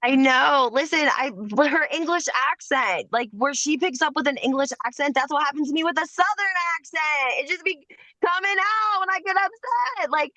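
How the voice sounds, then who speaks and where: A woman co-hosting a casual podcast, talking in a blunt, slangy, animated way. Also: sits high, normal speed, no room sound. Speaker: podcast co-host. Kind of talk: casual gossip chat.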